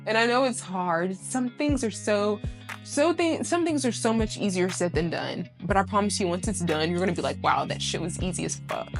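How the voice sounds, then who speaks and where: A woman in her twenties giving casual motivational talk to camera, emphatic and animated, swearing casually and laughing often. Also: mid-range voice, normal speed, over music. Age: 20s. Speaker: vlogger.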